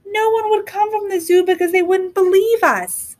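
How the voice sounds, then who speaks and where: A woman's voice: very high voice, fairly even intonation, normal speed, a little mellow, voice pushed up. A woman voicing a bossy, determined girl in a storybook read-aloud. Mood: insistent. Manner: eager, bossy.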